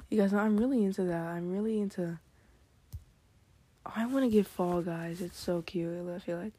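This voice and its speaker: A teenage girl talks to her viewers in a late-night solo vlog, jumping between topics with giggles and gushing outbursts. Her voice is soft-toned and mellow, with a husky, airy edge. She often slips into whispered asides mid-sentence. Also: fairly low pitch, measured pace, long pauses. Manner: scattered, drifts into whispered asides; breathless exclamations and giggles. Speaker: vlogger. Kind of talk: late-night rambling monologue.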